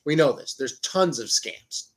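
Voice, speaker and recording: A man's voice: mid-range voice, expressive, a little slow. A man hosting his own show in a rambling, profane casual monologue, often cutting himself off mid-sentence. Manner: rambling, profane, self-interrupting. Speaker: podcast host.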